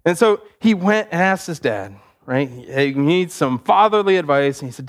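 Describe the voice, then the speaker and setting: A male pastor telling a story in a sermon, animated and conversational with easy laughs. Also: on the high side, normal speed.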